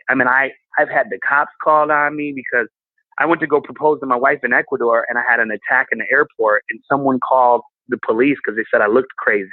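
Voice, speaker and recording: A man's voice: mid-range voice, no echo. Give me a man telling candid stories as a podcast guest, with a middle voice on a tinny phone line. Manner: candid and animated, with quick laughs. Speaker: guest comedian. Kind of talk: casual storytelling.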